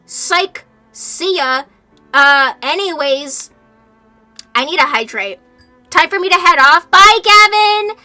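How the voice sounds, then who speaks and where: A woman with a high, bright voice streams from her home setup and reacts to a game with loud disbelief. Her talk is animated and exasperated, full of casual swearing. Soft music plays low behind her. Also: slow, pauses often. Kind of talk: casual livestream chat over a game.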